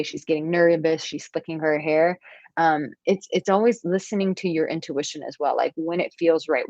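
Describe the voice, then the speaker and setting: Low-voiced woman coaching on a live stream. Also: a little mellow, no echo. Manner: breezy, chatty, reads viewer comments aloud. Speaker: dating coach. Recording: dull, dry lo-fi stream audio.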